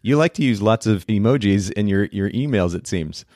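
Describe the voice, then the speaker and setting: Lower-pitched male podcast host, dry mic. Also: lively intonation, a little fast, a little mellow, no echo. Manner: friendly, chatty, frequent restarts. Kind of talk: conversational podcast interview.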